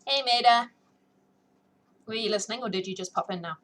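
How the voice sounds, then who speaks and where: A woman's voice: medium pitch, very fast. Woman reading aloud, voice a bit scratchy. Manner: relaxed and chatty. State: sore, scratchy voice. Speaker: audiobook reader and streamer. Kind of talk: reading a novel aloud, then casual chat.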